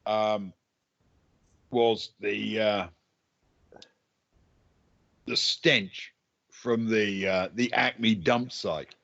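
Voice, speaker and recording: Slow, halting man with a dry delivery. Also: fairly low pitch, fairly even intonation, vocal fry, fairly bright tone, lo-fi sound. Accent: put-on Cockney. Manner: halting, dry, short replies. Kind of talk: tabletop game play in a put-on Cockney voice.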